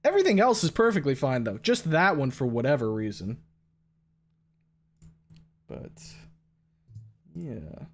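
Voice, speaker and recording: A young man hosting a live stream talks casually in a voice of middling pitch. His speech is loose and rambling and full of curses and fillers. He reacts to chat as he goes. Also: sing-song, a little slow, pauses often. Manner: loose and profane, many fillers. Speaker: streamer host.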